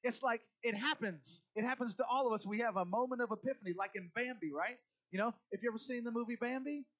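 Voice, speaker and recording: Animated high-voiced male pastor. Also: fast, dry recording, highs cut off. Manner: animated, swinging between loud emphasis and soft asides. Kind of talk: sermon.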